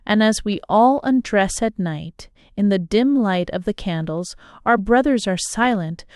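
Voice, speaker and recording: A woman reading a novel aloud as an audiobook narrator, in a slow, measured manner. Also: mid-range voice, a little mellow, no room sound, clean studio sound. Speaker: audiobook reader. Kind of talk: scripted narration.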